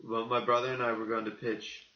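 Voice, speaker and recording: Male podcast co-host, bright and chatty, riffing in a roomy, lo-fi room. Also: mid-range voice, level tone. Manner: chatty, quick to jump in and riff. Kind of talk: casual podcast chat. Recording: roomy, dull lo-fi sound with faint noise.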